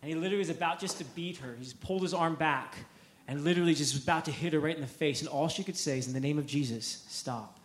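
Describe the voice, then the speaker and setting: A man's voice: a little high, racing, reverberant, a little hiss or hum. A man preaching a sermon, telling a story with energy, repeating words and acting out the quotes.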